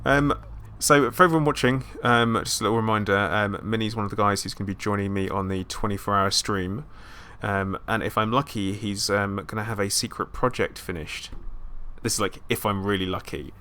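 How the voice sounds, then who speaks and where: Casual british guy chatting on stream, lots of ums, bright voice. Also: lowish voice, fairly even intonation, a little fast, clear, resonant tone. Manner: chatty, laughs often, filler ums. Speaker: streamer host. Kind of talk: casual gaming stream chat.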